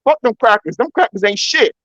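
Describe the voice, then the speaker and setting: A boastful man talks fast in a high, quick voice, repeating and stumbling over phrases as he calls in. The call audio is dull and lo-fi, like a muffled line. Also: animated, a bit bright. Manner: boastful, repetitive, stammering. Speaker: caller. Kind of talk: heated casual banter.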